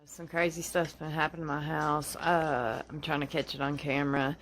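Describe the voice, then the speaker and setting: A young woman with a deep, slightly bright voice films her own house on a handheld phone. Her tone is level and her pace moderate, but her talk is frantic and rambling, with lots of swearing.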